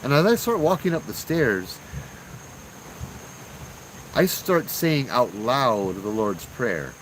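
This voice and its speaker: A man telling his own ghost story in a casual, slangy, animated way, acting out what people said. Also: mid-range voice, slow, a little hiss or hum, low-quality recording.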